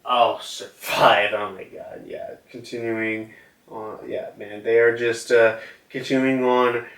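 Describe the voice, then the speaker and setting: Guy doing a casual manga review, rambly, slow, echoey room, kinda far from the mic. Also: medium pitch, level tone. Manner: rambling, hesitant, with many fillers. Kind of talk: casual chat. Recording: roomy, slightly distant mic.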